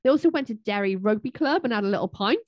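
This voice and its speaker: Lively British woman, very animated. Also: fast, dry recording, muffled recording. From Britain. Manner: animated, acts out quotes with a jump in pitch. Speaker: podcast co-host. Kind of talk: casual chat.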